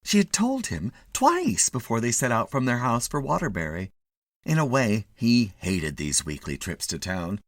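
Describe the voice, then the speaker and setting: A man narrating a classic short story with an expressive, animated reading. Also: mid-range voice, normal speed, no echo, clean studio sound. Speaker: story reader.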